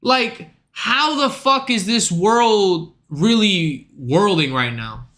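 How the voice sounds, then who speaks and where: A man's voice: high-pitched, lively intonation, takes it slowly, pushed and bright. A young man streaming, ranting in a casual, profane, slangy way to his chat. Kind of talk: livestream rant.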